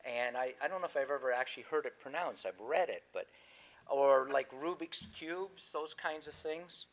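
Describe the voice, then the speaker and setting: A man's voice: medium pitch, normal speed, rough recording. A man preaching a sermon, chatting easily with his congregation, then reading scripture aloud with rising emphasis. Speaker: pastor.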